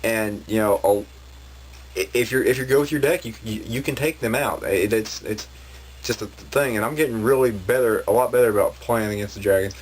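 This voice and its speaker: A man's voice: fairly low pitch, normal speed, a little hiss or hum. A man ranting in a vlog, rambling and frustrated, with many restarts. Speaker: vlogger.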